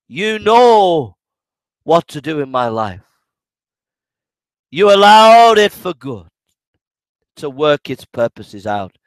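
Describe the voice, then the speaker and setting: A high-pitched male preacher delivering a passionate sermon at an unhurried pace. He builds to ringing shouts of joy, then sinks to soft, low phrases. The sound is close and dry, with no room echo. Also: very animated, clear, resonant tone. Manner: fervent, shouting in waves then dropping low. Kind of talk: sermon and prayer.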